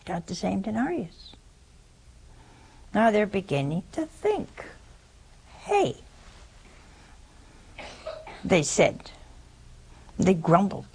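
Slow gravelly woman preaching. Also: medium pitch, big pitch swings, dark tone, rough recording. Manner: folksy storytelling with asides to viewers. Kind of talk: sermon.

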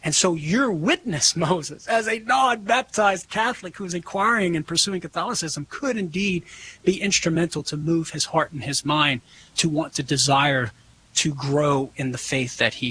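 A man's voice: fairly high pitch, a bit bright, a little hiss or hum. A man answering callers on a call-in show, earnest and conversational, laughing easily.

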